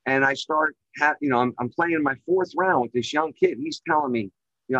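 A man's voice: a little fast, no room sound. Middle-aged male guest, talks in long rambling runs packed with fillers, sound a bit dull and dry. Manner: rambling, heavy on filler phrases; gets excited and louder at high points. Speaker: guest, real estate developer. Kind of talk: casual storytelling on a call. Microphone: remote call microphone.

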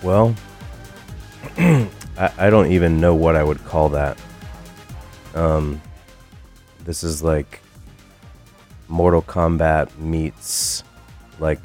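A man hosting a radio music show, rambling and halting as he muses aloud between tracks. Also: extremely low pitch, darkish tone. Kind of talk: casual on-air music chat. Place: radio studio.

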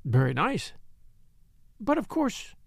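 A man's voice: sits high, huge pitch swings, takes it slowly, creaky, dry recording, voice pushed up, full character voice. A man voicing a shrewd village doctor's wife with a dry way of speaking.

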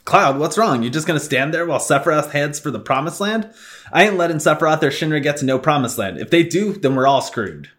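A man's voice: a little high, expressive, a little fast, a bit bright, voice pushed up. A man doing a brash burly rebel leader. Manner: brash, streetwise slang.

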